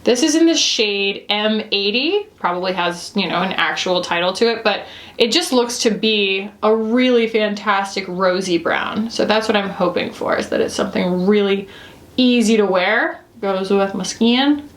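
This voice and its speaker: Reviewing makeup, this woman in her thirties talks at a moderate pace with a medium-pitched voice. Her chatter is loose and rambling, peppered with "like" and "you know," and it echoes around the room.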